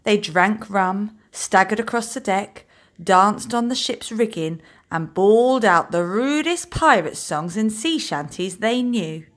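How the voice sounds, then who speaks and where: A teacher reading a children's storybook aloud in a slow, expressive storytelling voice. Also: female voice, medium pitch. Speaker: infant school teacher.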